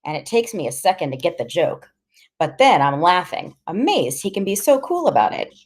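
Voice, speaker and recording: A woman's voice: lowish voice, big pitch swings, normal speed. A woman reading a first-person story aloud in a casual, slangy storytelling manner. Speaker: audiobook reader.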